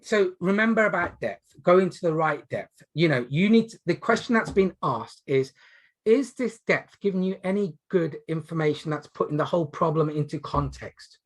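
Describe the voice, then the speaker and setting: A man teaching a medical exam webinar, emphatic and lively, asking the audience rhetorical questions. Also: fairly high pitch, normal speed. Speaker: GP trainer.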